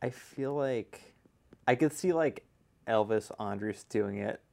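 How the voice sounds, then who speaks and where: A man's voice: fairly low pitch, takes it slowly, creaky, a little mellow. A man chatting as a guest on a casual podcast, laid-back, often giving short replies of agreement.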